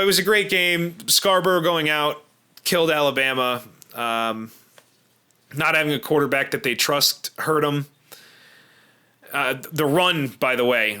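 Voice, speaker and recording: Guy rambling about football on his podcast, bright tense voice, keeps restarting sentences. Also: mid-range voice. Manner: rambling, self-correcting with repeated starts. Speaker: podcast host. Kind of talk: casual sports talk.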